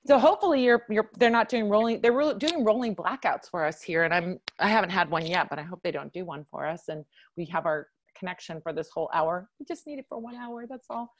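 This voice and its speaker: A woman's voice: medium pitch, fairly quick, hardly any pauses. A woman hosting a live video call chat, bubbly, laughing often and talking in bursts. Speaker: host.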